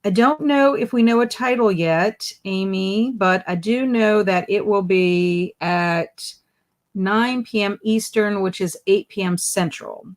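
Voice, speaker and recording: An adult woman with a twang hosts a live reading stream. She reads out chat names and greets each one with a high, sing-song hello before chatting easily about books and plans. Her pitch sits in a middle range. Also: slow. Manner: greets chatters by name with bright rising hellos. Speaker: livestream host. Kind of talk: casual livestream chat.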